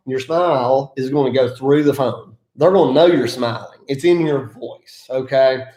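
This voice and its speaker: A man's voice: fairly high pitch, dark tone. A man from the mountains of North Carolina with an Appalachian accent, giving folksy, self-deprecating business advice in a casual vlog. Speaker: land clearing contractor. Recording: echoey room.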